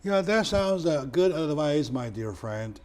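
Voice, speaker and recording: Guy hosting a talk show, gets worked up and loud, repeats himself a lot. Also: a little slow. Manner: animated, emotional retelling with sudden loud raised pitch; non-native phrasing, repeats words for emphasis. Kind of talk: discussion show chat.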